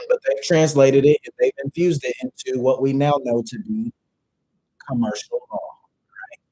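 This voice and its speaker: A man's voice: medium pitch, normal speed, warm tone, low-quality recording. A man teaching a livestream class in a loose, conversational way, reading definitions aloud and repeating phrases for emphasis. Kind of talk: casual lecture reading from dictionaries.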